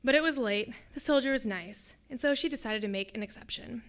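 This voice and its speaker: A woman, a graduate student, reading her own fiction aloud at a public reading in a lecture hall, in a steady descriptive way. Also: on the high side, brisk, hardly any pauses.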